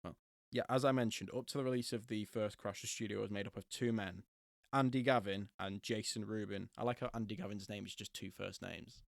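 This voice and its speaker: Gravelly-voiced man hosting a podcast. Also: on the low side, steady tone, fairly quick, dry recording, studio quality. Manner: jokey, laughs often, does silly voices. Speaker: podcast host. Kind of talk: casual chat.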